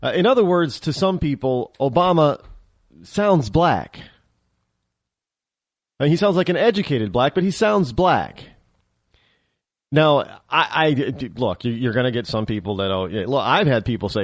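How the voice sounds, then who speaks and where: A man's voice: medium pitch, expressive, measured pace, pauses often, dry recording, clean studio sound. A man hosting his own talk show, delivering a rambling, opinionated monologue with many restarts and fillers.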